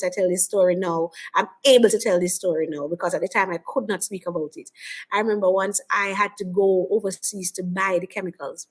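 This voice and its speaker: A woman from Jamaica with a Jamaican accent, a guest entrepreneur telling stories in an animated, expressive way. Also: mid-range voice, breathy edge. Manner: expressive, swings into loud laughing exclamations. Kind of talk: animated storytelling in conversation.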